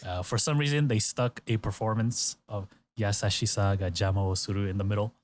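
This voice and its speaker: Lower-pitched animated man. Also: fairly quick, slight background noise. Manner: animated storyteller, acts out quotes in exaggerated voices. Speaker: podcast host. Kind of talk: casual chat recapping a variety show.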